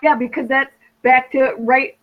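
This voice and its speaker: A woman's voice: sits high, steady tone, unhurried. Affirming woman host, dull lo-fi audio. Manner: encouraging, affirming with "right?" and "you know". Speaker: podcast host. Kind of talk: casual podcast chat.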